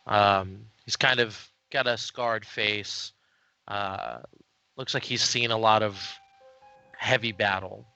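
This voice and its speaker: Casting: unhurried male game master, bright tone, halting narration. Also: lowish voice, fairly even intonation, vocal fry, dull audio, soft background music. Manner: slow, hesitant narration with many fillers.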